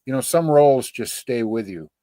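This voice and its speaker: A man in his sixties co-hosting a podcast in casual chat, lively and a little hammy, teasing his co-host. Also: mid-range voice, normal speed, dry recording, clean studio sound. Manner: lively, self-described ham, teasing.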